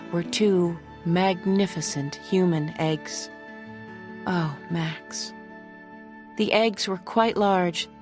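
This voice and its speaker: A woman reading a novel aloud in the first person, emotive, slowing and hushing for tense moments. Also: on the low side. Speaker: audiobook narrator.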